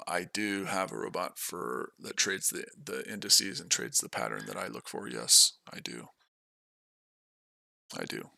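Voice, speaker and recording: A low, gravelly man hosts a live trading stream, tired after a sleepless night. He sounds matter-of-fact and casual, and his voice is dry and close with nothing around it. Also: bright, forceful tone, no echo. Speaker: day trader and stream host.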